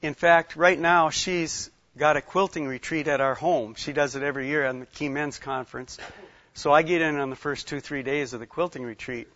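A man's voice: on the high side, steady tone, moderate pace, fairly bright tone, no echo. A man, giving a conversational sermon as a folksy, rambling storyteller with many fillers. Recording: slightly dull lo-fi sound.

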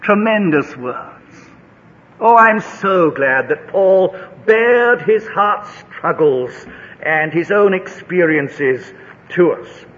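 A man preaches with a high, bright voice and a slow, deliberate pace. His delivery is dramatic and climbs to ringing high notes when he tells a story. The recording is dull and lo-fi, with a long echo from a large hall. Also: lively intonation. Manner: dramatic, rising to high shouts in a told story. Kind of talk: sermon.

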